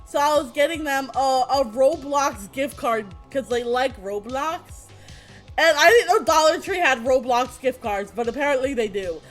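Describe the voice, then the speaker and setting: Woman, streamer, casual storytelling, high voice, soft music behind. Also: moderate pace. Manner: animated, rambling, swears freely.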